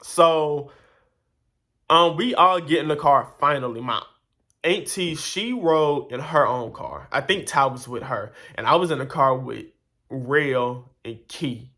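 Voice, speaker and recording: A man with a slightly high voice speaks a little slowly, telling a personal story to camera. His retelling is casual, rambling, animated and exasperated, full of asides to his viewers.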